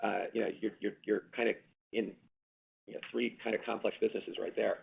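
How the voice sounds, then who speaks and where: A man's voice: on the low side, level tone, brisk, vocal fry, breathy edge. A man, a company executive, answering analysts on an earnings call, rambling with many fillers and restarts and hammering points through repetition. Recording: tinny phone line.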